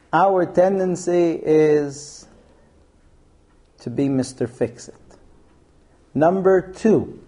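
A man gives a lively lecture, telling anecdotes and acting out the people in them. He sets out his points one by one. His voice sits a little high, with a soft, mellow tone. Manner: storytelling, acts out quotes, numbered points. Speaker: speaker giving a talk on marriage. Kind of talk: humorous lecture to an audience.

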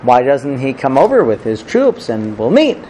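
A man's voice: mid-range voice, huge pitch swings, moderate pace, warm tone, a little hiss or hum, poor audio. A man voicing a stern, disapproving king father. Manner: disapproving, lecturing.

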